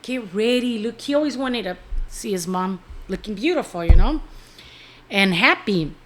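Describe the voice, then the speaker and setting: A woman's voice: mid-range voice, animated, normal speed, fairly bright tone. A middle-aged woman telling a personal story in an interview, candid and earnest, swearing casually and dropping in Spanish words.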